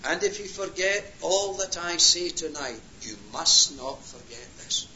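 A preacher delivering an impassioned sermon, swinging between hushed and loud passages. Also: male voice, fairly high pitch, expressive, a little slow, a little hiss or hum. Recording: lo-fi roomy hall recording.

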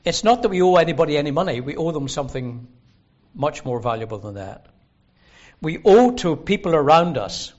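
A man preaching a sermon in a gospel hall, earnest and emphatic, slowing down to stress the scripture he quotes. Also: fairly high pitch, big pitch swings, darkish tone. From Northern Ireland. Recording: dull lo-fi sermon recording.

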